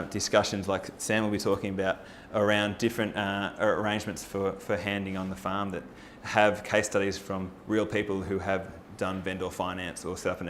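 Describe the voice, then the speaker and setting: A man giving an energetic, persuasive presentation at a forum, firing rhetorical questions at the audience. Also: on the low side, a little hiss or hum. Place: live talk at a farming forum.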